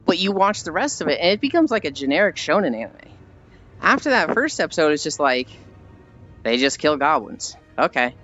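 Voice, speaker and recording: A man's voice: fairly high pitch, a bit bright. Casual rambling streamer man, lo-fi audio. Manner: rambling, acts out scenes in put-on voices. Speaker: livestreamer. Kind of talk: casual stream chat while walking.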